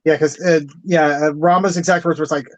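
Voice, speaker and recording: A man's voice: a little high, steady tone, brisk. A man co-hosting a casual review chat, laid-back and laughing along. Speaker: co-host.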